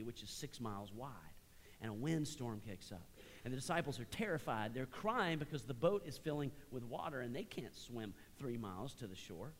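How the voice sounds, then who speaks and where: Man preaching in a reverberant hall. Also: mid-range voice. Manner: conversational preaching, swinging between raised emphasis and soft, hushed passages. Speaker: pastor. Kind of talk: sermon. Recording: long reverb of a large hall.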